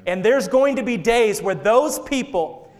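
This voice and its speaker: This pastor's voice is extremely high, expressive, and unhurried. A man in his thirties serving as senior associate pastor, he tells a story from the pulpit of the sanctuary and trades jokes and laughter with his congregation.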